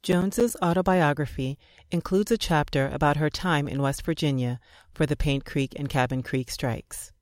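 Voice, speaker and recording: A man's voice: a little high, moderate pace, no room sound, low-quality recording. Man narrating history, dry close sound. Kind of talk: scripted documentary narration.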